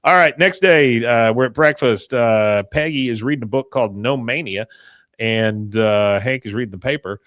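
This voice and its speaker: A man's voice: mid-range voice, moderate pace, a bit bright, no echo, studio quality. A man co-hosting a podcast, casually retelling scenes and quoting the dialogue, with lots of fillers. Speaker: podcast co-host. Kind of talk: casual episode recap.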